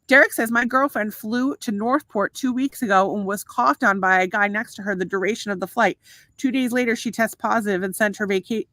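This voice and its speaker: A woman's voice: mid-range voice, brisk, a bit bright, no echo. A woman co-hosting a casual podcast, reading out viewer comments in a playful, profane way. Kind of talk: casual chat.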